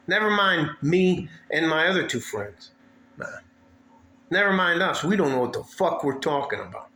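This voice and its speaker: A man's voice: fairly high pitch, expressive, normal speed, pushed and bright. A man venting angrily in a vlog, profane and heated, circling back to the same complaints. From West Texas. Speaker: vlogger. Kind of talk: angry venting monologue. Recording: echoey room with faint ambient noise.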